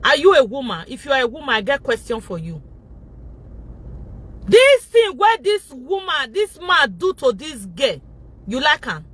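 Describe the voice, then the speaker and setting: A Nigerian woman vlogging loudly from inside a car, shouting and laughing as she rants in a casual pidgin-mixed style. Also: high voice, sing-song, a little slow, pauses often. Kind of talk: loud casual vlog rant.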